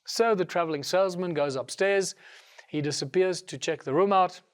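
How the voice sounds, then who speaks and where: A middle-aged man with a South African accent telling a story in a lively way and giving the characters their own voices. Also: high voice, normal speed, clean tone. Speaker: speaker. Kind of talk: storytelling talk.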